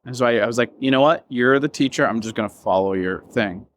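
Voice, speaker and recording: A medium-pitched man talks at a quick pace. A business founder interviewed as a guest, he reflects candidly and emotionally, rambling with many fillers and self-quotes and swearing a little.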